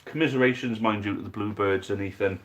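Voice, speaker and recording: Speaking fast in a lowish voice, a man gives live stream commentary on a football dice game, working up excitement at the big moments and talking to viewers like mates.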